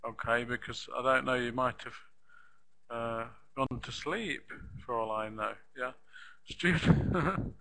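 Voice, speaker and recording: A man's voice: medium pitch, slow, pushed and bright, poor audio. A man teaching pronunciation in a live online class, patiently repeating example sentences and asking the students questions.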